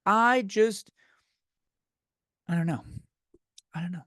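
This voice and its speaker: A man's voice: high voice, slow, fairly bright tone, no echo, studio quality. A man hosting a comedy podcast, ranting in an exasperated, profane way. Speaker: podcast host.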